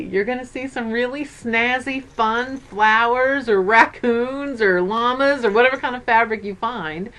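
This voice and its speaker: A woman's voice: a little high, fairly bright tone. An older woman and grandmother chatting casually in a craft vlog, upbeat and rambling. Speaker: craft vlogger.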